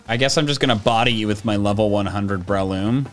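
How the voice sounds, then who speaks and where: A man's voice: lowish voice, brisk, few pauses, faint music behind. A man giving casual game commentary with wry, laughing asides. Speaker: gaming video host.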